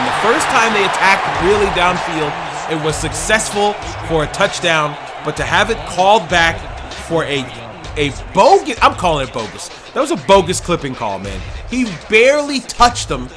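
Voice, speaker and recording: A man doing excited play-by-play commentary on a football video game stream, often shouting and openly indignant about the officiating. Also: sits high.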